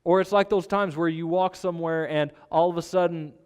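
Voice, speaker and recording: Man, pastor, sermon, somewhat high voice, conversational preaching, long hall reverb. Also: fairly even intonation, a little fast, darkish tone, clean tone. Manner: conversational preaching with rhetorical questions.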